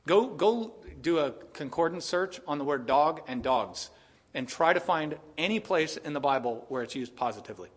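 A man's voice: fairly high pitch, lively intonation, normal speed, breathy edge. A male pastor preaching with a voice that sits a little above the usual male range. He talks earnestly through a passage. He keeps pressing his listeners with rhetorical questions. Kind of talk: expository sermon.

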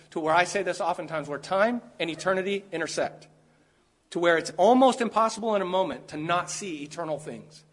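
A man preaching a sermon while sick, stressing his points by stacking and repeating key words. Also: high-pitched.

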